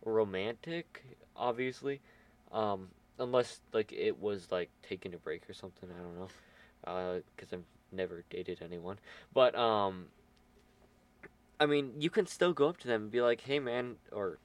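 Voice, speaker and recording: Rambling teenage boy, low voice. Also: normal speed. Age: teens. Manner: rambling, filler-heavy storytelling. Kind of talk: casual chat.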